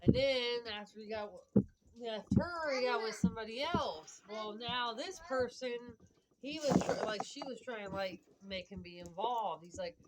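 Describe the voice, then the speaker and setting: A woman's voice: on the high side, moderate pace, a loud crowd, low-quality recording. A woman telling a long personal story in a casual, rambling way, full of "like" and "whatever" and quoted back-and-forth. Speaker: vlogger. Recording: loud background clicking noise.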